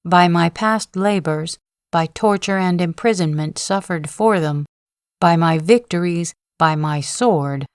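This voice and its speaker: A woman's voice: on the low side, clean tone, no echo, clean studio sound. A woman reading the lines of a proud, vehement male general in a sleep-story audiobook, with declamatory, impassioned delivery. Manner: declamatory, impassioned oratory at a slow, even reading pace.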